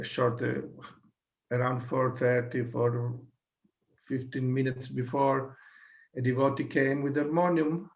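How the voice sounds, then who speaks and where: Italian-accented man, 60s, slow and gravelly, halting storyteller on a video call. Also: mid-range voice. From Italy. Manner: halting, with many fillers and restarts. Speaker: satsang guest. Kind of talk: personal storytelling.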